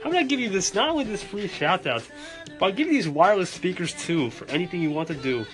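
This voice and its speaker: A man hosting a podcast in a jolly Santa persona, giving cheerful, bouncy holiday shout-outs. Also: high-pitched, expressive, quick pace, over music.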